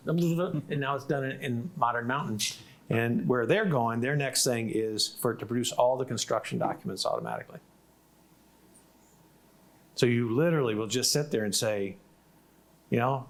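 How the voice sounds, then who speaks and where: A man moderating a casual panel discussion, telling an animated story and acting out what others said. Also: medium pitch, moderate pace.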